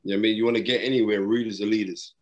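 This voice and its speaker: A man's voice: on the low side, fairly even intonation, racing. A middle-aged man, a boxing broadcaster guesting on an interview, giving motivational advice in an emphatic, repetitive, preacherly way with street slang, speaking from a hotel room. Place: hotel room during lockdown.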